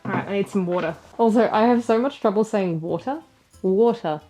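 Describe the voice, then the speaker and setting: A woman's voice: medium pitch, fast, dark tone, faint music behind. An Australian woman chatting casually to camera in a vlog from her home jewellery studio, rambling and self-deprecating. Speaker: jewellery maker and vlogger.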